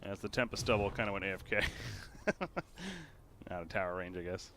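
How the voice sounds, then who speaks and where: A man giving live play-by-play commentary on a video game match, his pitch and volume surging during the fights. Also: steady tone, brisk, noisy background. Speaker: esports caster. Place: home streaming setup.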